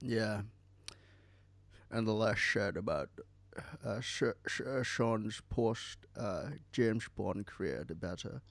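A man's voice: fairly low pitch, slow pace, gravelly, no echo. A man co-hosting a podcast, casually reading out a list and joking. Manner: reads from a list, light joking. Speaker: podcast co-host. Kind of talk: casual chat.

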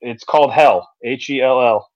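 A man's voice: medium pitch, moderate pace, a little mellow, no echo. A man co-hosting a casual podcast chat, telling a story in a rambling way with lots of ums and restarts. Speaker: podcast co-host. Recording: dry, slightly dull sound.

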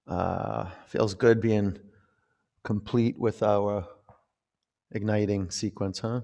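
A young man leading a yoga class, giving calm cues and counting reps aloud. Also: fairly low pitch, slow pace, creaky, pauses often. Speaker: yoga instructor.

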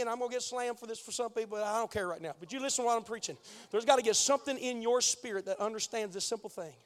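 A middle-aged male pastor preaching a fiery sermon, shouting at the peaks and dropping to hushed pleading in between. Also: very high-pitched, in a large hall. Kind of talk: fiery Pentecostal-style sermon.

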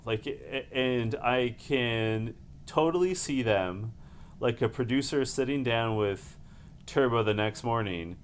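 A man co-hosting a podcast in casual chat, thoughtful and hedging. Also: medium pitch. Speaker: podcast co-host. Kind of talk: casual chat recapping a reality show.

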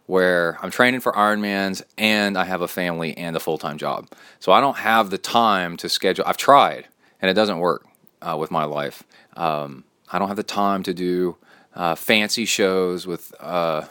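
A man's voice: sits low, a bit bright, no room sound, clean studio sound. A man hosting his own podcast in a casual, rambling solo talk, reading a listener's email aloud into his phone. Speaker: podcast host.

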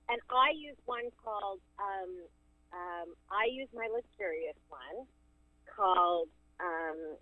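A woman's voice: mid-range voice, no room sound. A woman co-hosting a casual beauty chat, calling in from her car. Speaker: podcast co-host. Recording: tinny phone line.

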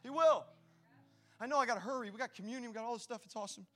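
A male pastor preaching a lively sermon with a very high, bright, forceful voice. He talks straight to the congregation with easy slang. His delivery is energetic and direct throughout. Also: very fast, faint music behind. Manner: casual slang mixed into preaching.

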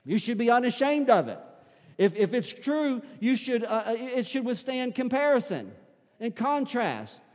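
A man's voice: extremely high pitch, big pitch swings, moderate pace, a little mellow. A man preaching a sermon in a church, earnest and often repeating words as he presses a point. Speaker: pastor. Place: church sanctuary. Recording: long hall reverb.

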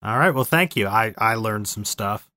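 A man's voice: fairly low pitch, lively intonation, normal speed, bright, forceful tone, no echo. Laid-back male co-host, dry sound. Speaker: podcast co-host. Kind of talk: casual podcast chat.

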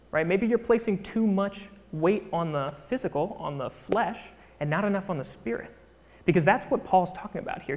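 A man preaching a sermon, telling the story in a conversational, animated way and prompting the congregation to join in. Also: high voice. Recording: reverberant hall.

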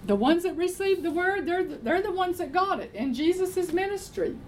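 A woman's voice: very high voice, lively intonation, moderate pace, slight background noise, low-quality recording. A woman preaching a sermon, emphatic, repeating her phrases and answering her own questions.

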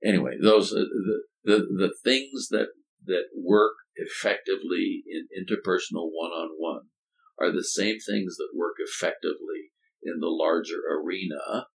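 An older man, a former college president, telling stories in a thoughtful, halting way with folksy turns of phrase. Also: low-pitched, creaky, low-quality recording. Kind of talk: reflective conversational storytelling.

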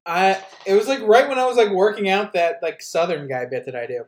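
A man's voice: sits high, fairly quick. Ranting profane male podcast comedian. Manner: profane, ranting, laughs often. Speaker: podcast co-host. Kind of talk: casual comedy podcast chat.

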